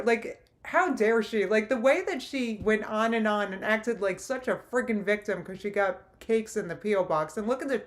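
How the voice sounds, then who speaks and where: A woman from New Jersey, mid-pitched, commenting live on a video she is watching. She sounds exasperated and mocking, laughing between remarks as she reads out viewer comments. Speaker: reaction streamer.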